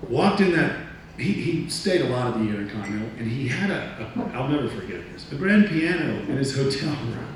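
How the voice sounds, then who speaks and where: A man giving a talk, telling a story from his career in a lively way, acting out other people's lines and laughing at himself. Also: mid-range voice, fairly quick. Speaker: motivational speaker. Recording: echoey room, distant mic, faint noise.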